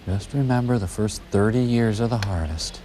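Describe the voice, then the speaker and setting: A man's voice: on the low side, normal speed, noisy background. A man making dry, sarcastic wisecracks while riffing on a film. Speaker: comedy show host riffing on a film.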